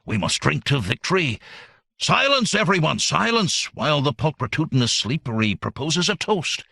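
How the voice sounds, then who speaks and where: Tentacled alien warlord, slobbering and sorry for himself, gravelly, swings wide , read by a man. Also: mid-range voice, sing-song, moderate pace, a bit bright, dry recording. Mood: blustering. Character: gloomy slobbering tentacled male alien commander.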